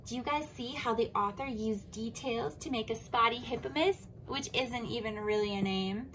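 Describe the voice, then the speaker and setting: A woman teacher reading a picture book aloud to children and explaining it in a lively way. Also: a little high, a little hiss or hum, rough recording. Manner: animated, explaining to kids.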